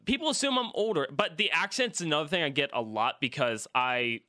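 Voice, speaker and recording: A male podcast host chatting casually, animated and swearing freely, with some consonants blurred and P and B sounds mixed. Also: on the high side, fairly quick, no room sound, clean studio sound.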